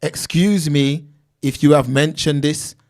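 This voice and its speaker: Stream host, man, slightly high voice, reads chat aloud in loose slang. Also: fairly even intonation, a little slow. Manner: reads out viewer names and comments, street slang. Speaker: livestream host reading chat. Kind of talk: casual livestream chat.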